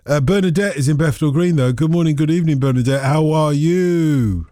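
A man's voice: fairly high pitch, brisk, warm tone, no room sound, studio quality. A man hosting a late-night radio phone-in, rambling and joking between listener messages. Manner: rambling, jokey, filler-heavy banter. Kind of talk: casual chat. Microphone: studio microphone.

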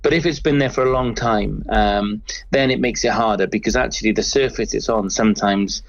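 A man's voice: fairly low pitch, a little fast, creaky, no room sound, dull audio. A man working as a crime scene cleaner, explaining his work in an interview, often stumbling and repeating words. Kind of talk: interview guest answering.

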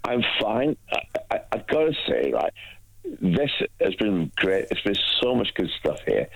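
Gravelly, enthusiastic male radio caller. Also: fairly low pitch, huge pitch swings, unhurried, no echo, rough recording. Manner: enthusiastic, rambling, repeats himself. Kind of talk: phone-in chat.

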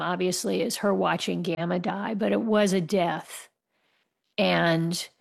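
Gravelly, emphatic American woman author. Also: medium pitch. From United States. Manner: passionate, emphatic, laughs wryly. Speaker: author guest. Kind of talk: candid conversational interview answers.

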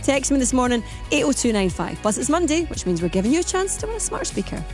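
A woman's voice: high-pitched, very animated, over music. A woman presenting a morning radio phone-in, chatty and asking listeners lots of questions. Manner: chatty, asks rapid questions, reads out phone numbers.

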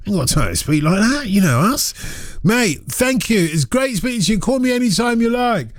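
A man's voice: sits high, sing-song, normal speed, no echo. A male radio host, bantering and teasing a caller with laughing asides. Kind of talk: radio phone-in hosting. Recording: dry studio mic with faint music.

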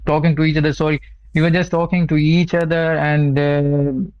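A young man from Asia, not an English speaker, calling in to a radio show and telling what happened to him in a halting way, with many repeated words and fillers. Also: a little high, flat delivery, smooth, no room sound. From South Asia. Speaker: caller. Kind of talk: phone-in radio call, personal account. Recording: dull muffled line.

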